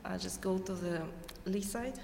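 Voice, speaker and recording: A woman's voice: medium pitch, measured pace, vocal fry, warm tone. A woman from Russia with a Russian accent, answering interview questions hesitantly, searching for words and laughing often. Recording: echoey hall, faint background noise.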